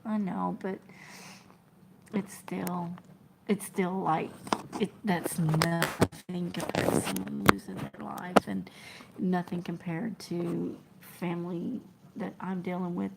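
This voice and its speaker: A woman, talking to her live-stream viewers in an emotional, halting way that often drops to a whisper. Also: lowish voice, flat delivery, vocal fry, background noise. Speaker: trucking vlogger reading live chat.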